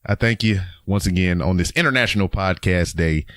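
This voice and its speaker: A young man from Louisiana with a low voice, rambling through his podcast sign-off in a loose, chatty way. His voice is dry and close to the mic, with no room echo. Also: fairly quick. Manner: rambling and chatty, with frequent ums and chuckles. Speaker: podcast host. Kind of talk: casual solo podcast outro.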